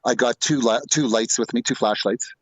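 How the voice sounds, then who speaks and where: A man's voice: mid-range voice, moderate pace, slightly rough, no room sound, rough recording. A middle-aged man telling a ghost story in a loose, rambling way, full of restarts and asides. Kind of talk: casual storytelling.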